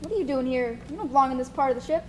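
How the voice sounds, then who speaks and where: A woman's voice: sits high, racing, natural voice. A woman playing a naive young male sailor. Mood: uneasy. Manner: uneasy, defensive replies. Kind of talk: live college stage play. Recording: stage recording with faint noise.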